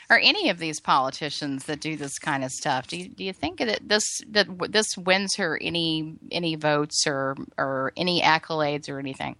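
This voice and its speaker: A woman's voice: deep voice, pushed and bright, dry recording. A woman hosting a talk radio show in a studio, chatty and indignant, with frequent restarts.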